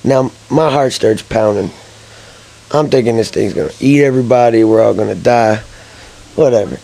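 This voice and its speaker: A young man from Massachusetts telling a rambling, excitable personal story, full of fillers and chuckles. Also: medium pitch, normal speed, vocal fry, low-quality recording. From Massachusetts, USA. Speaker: gaming channel storyteller.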